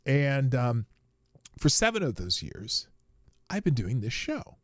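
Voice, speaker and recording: Rambling, animated male livestream host. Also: medium pitch, takes it slowly, no echo, studio quality. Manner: rambling, frequent restarts, bursts of shouting. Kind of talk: casual solo livestream talk. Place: small home studio.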